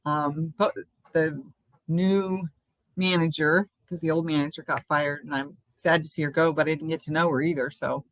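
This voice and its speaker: A woman's voice: deep voice, fairly even intonation, normal speed, no echo. An older woman hosting a casual live stream, chatting in a rambling way from home and laughing often.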